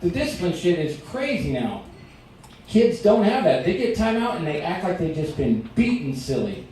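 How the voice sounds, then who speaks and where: Animated middle-aged male comedian, echoey room. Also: sits high, slight background noise. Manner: animated storytelling, acting out shouted quotes. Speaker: stand-up comedian. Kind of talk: stand-up comedy set. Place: restaurant performance space. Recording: very echoey room recorded from a distance.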